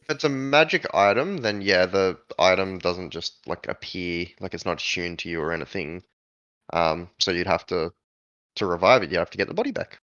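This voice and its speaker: A man's voice: low-pitched, moderate pace, a bit bright, dry recording, lo-fi sound. A man narrating a tabletop game as game master, improvising with many fillers.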